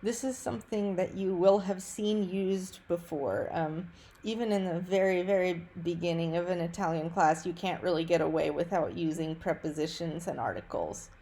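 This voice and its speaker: A woman teaching a recorded language lesson over slides, relaxed and careful, with frequent ums and small self-corrections. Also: fairly low pitch, moderate pace. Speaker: Italian teacher.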